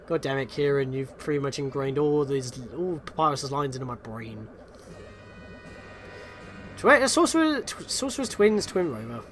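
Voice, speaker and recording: A chatty man talks over his gameplay in a lively, bouncing voice. He pokes fun at himself and yelps when the game surprises him. His tone is bright and forward. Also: a little high, normal speed, faint music behind. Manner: chatty, self-deprecating, easily surprised. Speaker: gaming channel host. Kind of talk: let's play commentary.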